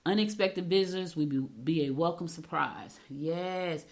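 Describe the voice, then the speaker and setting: Woman, middle-aged, lower voice, chatty horoscope host, storytelling asides. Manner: talks fast when excited. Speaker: radio show host. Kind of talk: casual horoscope segment with chat.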